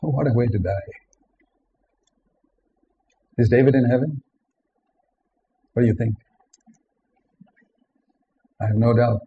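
A man's voice: medium pitch, takes it slowly, long pauses. A man preaching a sermon, earnest and direct, often putting questions to the listeners. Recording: dull lo-fi recording with faint background noise.

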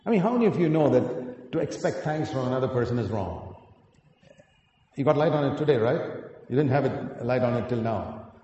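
A man preaching a sermon with earnest storytelling, climbing to emphatic peaks and then dropping quiet. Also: mid-range voice, expressive, a little fast, lo-fi sound. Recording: echoey hall, picked up from a distance.

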